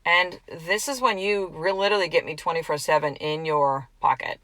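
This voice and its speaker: A middle-aged woman giving an earnest, chatty motivational talk as a podcast host and coach, slowly repeating affirmations. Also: deep voice, fairly bright tone, no echo, rough recording.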